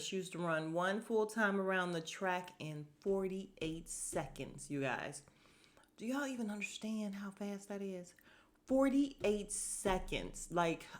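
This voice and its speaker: A woman's voice: lowish voice, fairly bright tone. A woman hosts a casual podcast and recaps a reality show. She talks bluntly and gossipily, with a sarcastic edge, and speaks straight to her audience. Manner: blunt, gossipy, sarcastic, addresses listeners as y'all.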